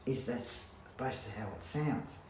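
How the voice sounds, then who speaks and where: Man, casual vlog rant, halting and sweary, echoey home recording. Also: medium pitch. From Australia. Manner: rambling, halting restarts, blunt swearing. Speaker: vlogger. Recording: roomy echo, faint background hum.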